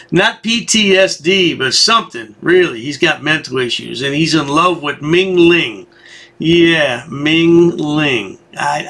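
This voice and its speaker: Casting: male commentary host, bright forceful tone, sarcastic folksy rambler. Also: fairly high pitch. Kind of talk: mocking video commentary.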